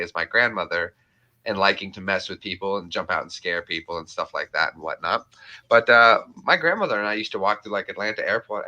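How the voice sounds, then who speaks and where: A man's voice: lowish voice, bright, forceful tone, rough recording. A playful young man hosting a casual live stream, rambling between voice impressions.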